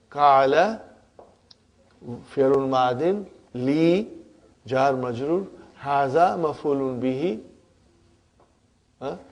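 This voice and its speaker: A man's voice: on the high side, darkish tone. A man teaching Arabic grammar to a class in a lecture style, often checking in with his students.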